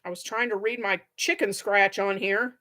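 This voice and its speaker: A woman's voice: mid-range voice, steady tone, moderate pace, sharp tone. A middle-aged woman hosting a crochet livestream, chatting casually and rambling with viewers and laughing often. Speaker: crochet channel host.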